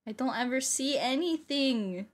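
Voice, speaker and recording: A woman's voice: high voice, animated, a little slow. A young American woman streaming a game, chatting playfully with frequent swearing and sing-song exclamations. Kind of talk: casual gaming commentary.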